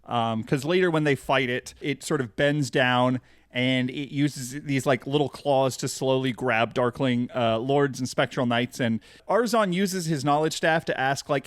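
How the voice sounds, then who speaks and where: A man's voice: mid-range voice, measured pace, no echo, clean studio sound. A man co-hosting a podcast, recapping a cartoon in casual chat, rambling with lots of fillers and restarts. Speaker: podcast co-host.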